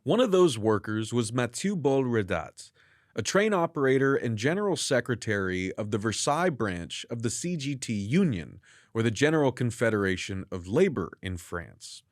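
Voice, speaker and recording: A man's voice: mid-range voice, very animated, normal speed, dry recording. A man from the United States hosting an interview from a studio, earnest and friendly, with long, winding questions.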